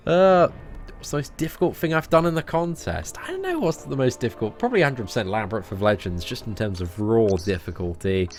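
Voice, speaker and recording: A man's voice: medium pitch, very animated, brisk. Cheeky sweary guy chatting. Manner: cheeky, chatty, sweary, calls viewers mate. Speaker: streamer. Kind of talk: late-night live-stream chat with viewers.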